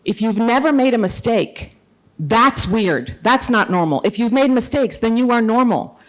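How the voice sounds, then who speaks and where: A middle-aged woman speaker answering audience questions at a conference, earnest and encouraging, her voice rising when she stresses a point. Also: on the high side. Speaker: guest speaker.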